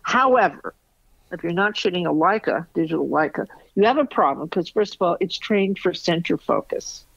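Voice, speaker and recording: A woman's voice: on the low side, animated, normal speed, creaky, a bit bright, slightly rough, no echo. Older lady telling blunt stories, laughs a lot, kinda dull lo-fi audio. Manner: blunt, candid, laughs often. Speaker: photo editor and photography teacher. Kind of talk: interview storytelling.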